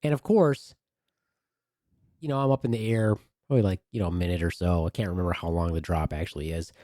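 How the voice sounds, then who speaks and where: A man on a podcast telling an animated story with crude humor in a casual way. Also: low-pitched, fast talker, dry recording, studio quality. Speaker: podcast co-host.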